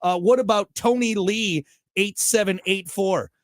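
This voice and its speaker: A man hosting a podcast in casual chat, ranting with animated, mock-outraged energy. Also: high voice, unhurried, dry recording, clean studio sound. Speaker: podcast host.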